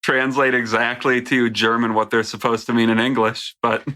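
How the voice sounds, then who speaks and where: A man's voice: mid-range voice, little pitch movement, moderate pace, sharp tone. An American man co-hosting a casual podcast, making dry, wry jokes. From United States. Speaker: podcast co-host.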